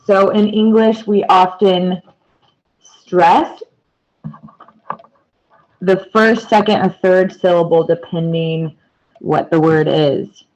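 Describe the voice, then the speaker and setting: Slow, patient woman teacher. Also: on the low side, flat delivery, a little mellow, lo-fi sound. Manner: patient, repeats key words and points to examples. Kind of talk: slow, deliberate classroom explanation.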